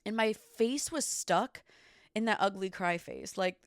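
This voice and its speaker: Solo woman podcaster: gravelly, fry-heavy voice, casual and profane, dry close sound. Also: medium pitch, measured pace, dry recording. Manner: emphatic, swears often, leans on "like" and "okay". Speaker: podcast host. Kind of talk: candid solo podcast chat.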